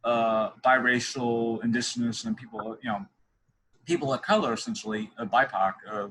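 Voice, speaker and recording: A man's voice: mid-range voice, moderate pace, a bit bright, husky, rough recording. A young man hosting a podcast interview, talking in a rambling, casual way with many restarts. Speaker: podcast host.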